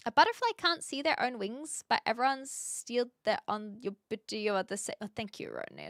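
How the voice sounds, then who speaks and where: A woman hosting a livestream from home, talking to her viewers in a loose, rambling way with fillers and laughs. Her voice is bright and crisp, and the sound is close and dry. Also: on the high side, lively intonation, normal speed, no echo. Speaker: livestream host. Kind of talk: casual chat with viewers.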